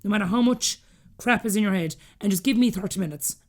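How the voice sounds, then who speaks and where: Irish woman in her 30s rattling off a personal story, acts out the back-and-forth, talks quick. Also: medium pitch. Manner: rapid, animated, acts out quoted dialogue. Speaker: podcast guest.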